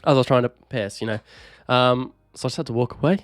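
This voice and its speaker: A man's voice: medium pitch, fast talker, no echo, faint music behind. Rambling young man, dry close sound. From England. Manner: rambling, self-mocking storytelling with many fillers. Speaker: podcast co-host. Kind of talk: casual chat.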